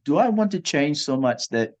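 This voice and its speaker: An older man, a martial arts master who is a guest in an interview, speaking in a reflective, measured way about firm principles. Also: fairly high pitch, very animated, darkish tone. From Australia. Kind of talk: interview conversation.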